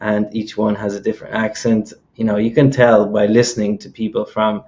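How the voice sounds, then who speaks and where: A man's voice: on the low side, level tone, a little fast, a little mellow, dull audio, a little hiss or hum. An Irish man with a mild accent, patiently explaining with examples and often checking "okay?" as he goes. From Ireland. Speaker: host. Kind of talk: explanatory lesson.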